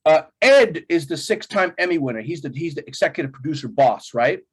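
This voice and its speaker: Lively storytelling man, animated pitch. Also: brisk, breathy edge. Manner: lively, laughs often, acts out quotes in a much higher voice. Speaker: actor, interview guest.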